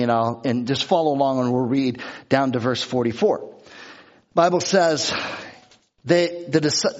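A pastor preaching a conversational sermon, with many restarts and quick acted-out asides. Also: male voice, medium pitch. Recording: dull lo-fi recording.

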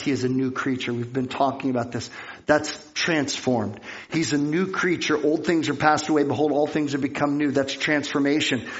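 A man preaching a sermon, reading scripture aloud and acting out the characters of the story with lively storytelling. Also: fairly high pitch, highs cut off. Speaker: pastor.

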